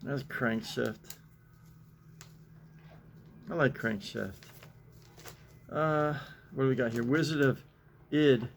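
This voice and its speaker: A man's voice: medium pitch, slow, creaky, pauses often, slight background noise. A man hosting a casual talk, reading newspaper comics aloud, chuckling often and rambling with fillers. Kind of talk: casual chat.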